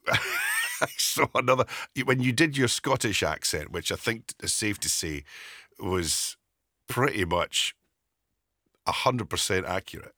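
A man's voice: fairly low pitch, wildly swooping pitch, takes it slowly, pauses often, pushed and bright, no echo, studio quality. A man interviewing a guest on the radio, who is eager and often restarts his sentences. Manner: enthusiastic, stammering restarts.

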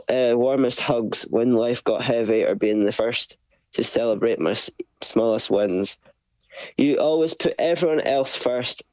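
A man's voice: medium pitch, a little mellow, no room sound. A teenage man reading a heartfelt letter aloud over a phone line. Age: teens. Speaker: caller's son.

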